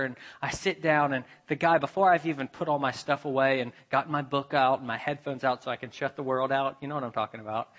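Delivering a sermon, a male pastor recounts something from his own life, his mid-range voice alternating lively between forceful, loud points and quiet asides.

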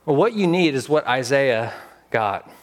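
A man preaching a sermon as pastor, emphatic with dramatic pauses. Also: medium pitch, expressive.

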